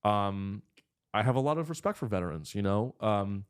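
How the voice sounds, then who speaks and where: A man hosting a studio podcast, telling provocative jokes in a deadpan, casual way. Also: on the low side, normal speed, smooth. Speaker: comedian podcast host. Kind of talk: casual comedic chat.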